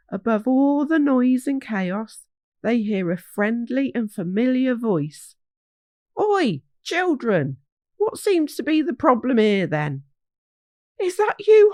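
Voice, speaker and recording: A woman reading a children's storybook aloud in a gentle, measured way. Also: on the high side, dry recording.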